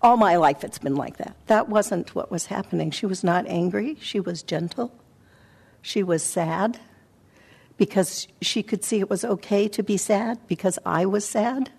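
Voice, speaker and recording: A woman's voice: mid-range voice, creaky, slightly rough. Reflective woman giving a dharma talk. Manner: reflective, halting, with soft pauses. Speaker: meditation teacher. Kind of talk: dharma talk, personal storytelling. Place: meditation center hall.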